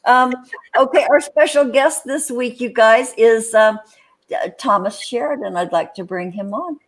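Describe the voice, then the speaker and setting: A woman's voice: on the high side, normal speed. An older woman hosting a casual live chat on a video call, rambling with lots of fillers. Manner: rambling, many fillers and restarts. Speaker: host.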